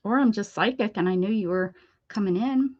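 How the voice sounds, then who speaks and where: A woman's voice: mid-range voice, a little fast, dull audio. A woman hosting a casual live crafting stream, chatty and bubbly, greeting viewers and laughing. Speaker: craft video host.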